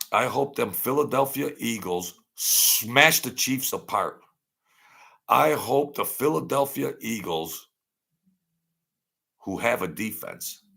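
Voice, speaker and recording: A middle-aged man rants slowly through a late-night monologue, circling back on the same phrases with a scoffing edge. His low voice is gravelly and husky, with frequent dips into fry. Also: sharp tone. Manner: rambling, repeats phrases, mocking. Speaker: channel host.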